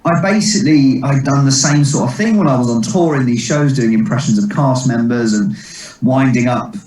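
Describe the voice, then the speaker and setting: A man, a comedian telling rambling stories in a relaxed interview, quick to laugh. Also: medium pitch. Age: 30s. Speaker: comedian and impressionist guest. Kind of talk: casual interview chat. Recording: echoey distant mic.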